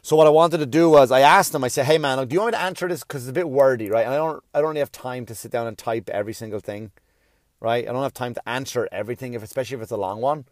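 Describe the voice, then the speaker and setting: A man's voice: medium pitch, racing, no room sound, studio quality. A middle-aged man hosting his own podcast in a casual, rambling monologue, stammering and restarting often and swearing offhandedly. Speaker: podcast host.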